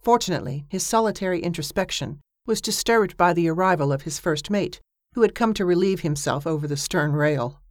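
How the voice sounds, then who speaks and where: A woman reading a story aloud as an audiobook narrator, with a steady storytelling manner. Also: brisk, dry recording, clean studio sound. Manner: steady storytelling voice, lifting pitch for characters' dialogue. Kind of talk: scripted narration.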